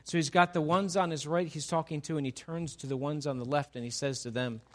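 High-voiced animated male preacher. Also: brisk. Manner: animated, acts out the dialogue with playful humor. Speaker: pastor. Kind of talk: sermon.

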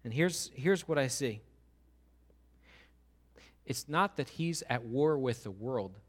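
Speaking slowly at a medium pitch, a male pastor preaches with animation. Quoted voices get acted out, and his questions swell until they ring out loud.

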